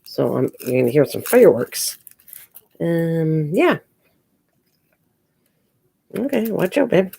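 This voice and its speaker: A woman's voice: low voice, big pitch swings, takes it slowly, creaky, long pauses, warm tone, husky, dry recording. An older woman hosting a casual live stream from home while crafting, chatting with viewers and calling them pet names.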